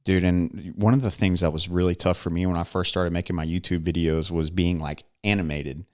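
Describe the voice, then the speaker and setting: A man's voice: deep voice, a little fast. A man with a Texan accent hosting a podcast in his home studio, chatting casually and telling stories. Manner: relaxed, chatty storytelling with playful impressions. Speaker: podcast host.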